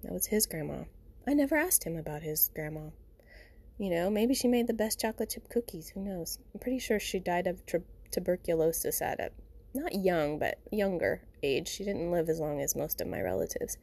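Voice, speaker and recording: A woman's voice: fairly low pitch, expressive, moderate pace, a little mellow, husky. A woman hosting a podcast, talking in a rambling, informal and reflective way and often saying "you know" and "you guys" while recording at home. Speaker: podcast host. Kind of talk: casual reflective monologue.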